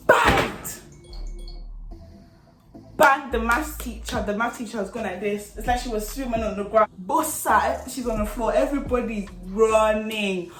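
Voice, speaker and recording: Animated young woman telling a story. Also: a little high. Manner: animated, slangy, acts out the scenes. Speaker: vlogger. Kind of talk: storytime vlog. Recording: echoey room.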